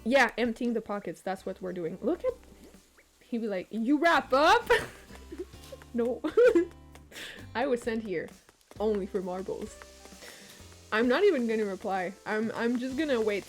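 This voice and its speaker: A young woman chatting casually on a game stream, excitable and swearing, with frequent laughs. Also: fairly high pitch, unhurried, pauses often, soft background music. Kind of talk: casual live-stream chat while gaming.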